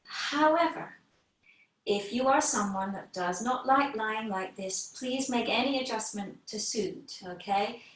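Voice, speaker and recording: A yoga teacher with a British accent, a little short of breath, guiding a slow, gentle relaxation class with reassuring words. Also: female voice, a little high. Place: home room, online class. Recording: roomy sound from a distant mic.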